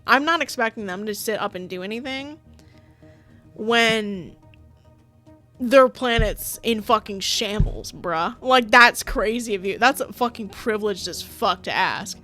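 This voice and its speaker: A woman's voice: a little high, animated, measured pace, pushed and bright, soft background music. A young woman reading a visual novel aloud and reacting in casual, profane, laughing commentary. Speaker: streamer playing a visual novel.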